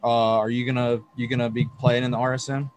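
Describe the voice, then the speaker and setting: A man hosting a casual podcast in a mid-pitched voice. He speaks in a friendly but halting way and restarts his sentences. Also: little pitch movement, slight background noise. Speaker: podcast host.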